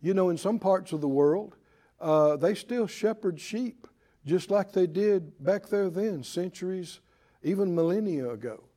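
A man preaching a sermon, repeating declarations emphatically and calling on listeners to say them back, sometimes dropping to a quieter conversational telling. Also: high-pitched, animated, unhurried. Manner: calls for responses from listeners.

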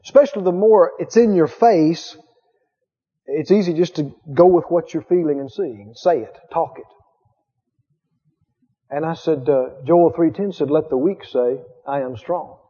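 A man preaching a sermon in a church hall, emphatic, with repeated phrases and drawn-out stresses, recorded on dull lo-fi tape. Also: a little high, warm tone, husky.

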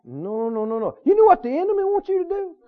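Brief: a male preacher with a lively, emphatic delivery, muffled recording. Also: very high-pitched, quick pace. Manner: emphatic preaching with repetition and questions to the congregation. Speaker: pastor. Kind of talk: sermon.

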